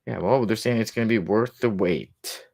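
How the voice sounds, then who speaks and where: A man co-hosting a podcast, chatting casually about comics in a rambling way, chuckling and reading quotes aloud slowly. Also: on the low side, vocal fry, darkish tone, dry recording, clean studio sound. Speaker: podcast co-host.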